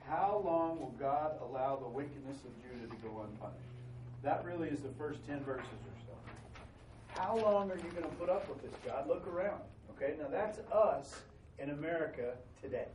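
A man preaching a sermon in a conversational, animated way, acting out quotes in voices. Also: medium pitch, recorded from a distance, slight background noise. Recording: roomy sound from away from the mic.

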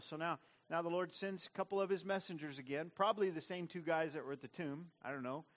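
A man's voice: fairly high pitch, fast talker, hardly any pauses. Man preaching a conversational sermon. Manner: conversational preaching with frequent repeated words. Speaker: pastor.

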